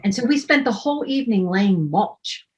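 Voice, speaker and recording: A woman's voice: mid-range voice, expressive, moderate pace, a little mellow. A woman storyteller telling a personal story in a casual way, with wry, self-deprecating humor.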